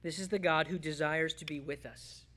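A man preaching a sermon to his congregation as pastor, swinging between loud emphasis and hushed, quiet lines. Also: on the high side, steady tone, normal speed, slight background noise.

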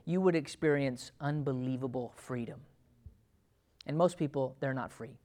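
A man preaching a sermon as pastor to his church, swinging from loud emphatic passages to hushed, intimate asides. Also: medium pitch, moderate pace.

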